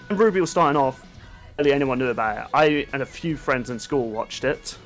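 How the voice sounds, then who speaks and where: A man's voice: medium pitch, expressive, normal speed, soft background music. A man co-hosting a casual podcast chat, rambling and laughing often at himself. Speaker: podcast co-host.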